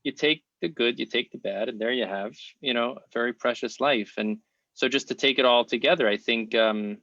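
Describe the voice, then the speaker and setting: A man's voice: medium pitch, brisk, sharp tone, dry recording. A man hosting a podcast interview, speaking in an earnest, encouraging way. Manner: earnest, encouraging, wraps up with reflections. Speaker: podcast host. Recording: dry, muffled lo-fi audio.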